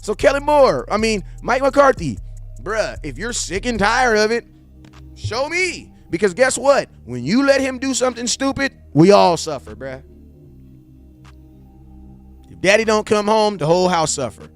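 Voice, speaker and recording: A man's voice: high-pitched, very animated, a little slow, soft background music. Rambling slangy man talking football. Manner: loose, rambling, slangy, repeats "bruh". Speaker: sports vlog host. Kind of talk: casual livestream chat.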